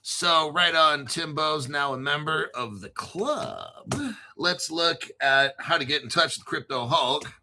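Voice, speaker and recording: A man's voice: fairly high pitch, very animated, slow, background noise. A man hosting a casual crypto livestream, rambling through long lists of names and swearing freely as he chats with viewers. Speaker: crypto show host.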